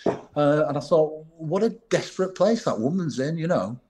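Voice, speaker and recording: A man's voice: fairly high pitch, lively intonation, normal speed, a little mellow. A middle-aged man, a former bodyguard, telling stories in an interview, acting out old conversations and often restarting his sentences. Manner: anecdotal, retells dialogue, frequent restarts. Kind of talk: storytelling interview.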